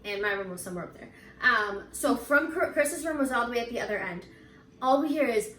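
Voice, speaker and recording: A woman's voice: quick pace, echoey room. A woman co-hosting a casual chat, telling a ghost story and acting out the frightened lines she quotes. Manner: animated, acts out scared quotes in a higher voice. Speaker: channel co-host. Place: home, indoors.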